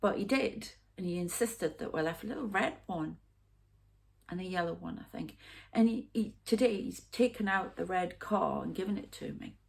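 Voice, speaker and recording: Rambling woman with a lower voice. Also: vocal fry. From United Kingdom. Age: 50s. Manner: halting, rambling, with hushed asides. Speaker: psychic medium. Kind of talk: rambling spiritual vlog monologue.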